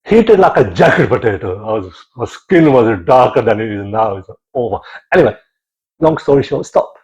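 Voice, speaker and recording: A man telling a comic story in an animated, digressive way, full of exclamations. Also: medium pitch, normal speed, lo-fi sound. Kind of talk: comic monologue.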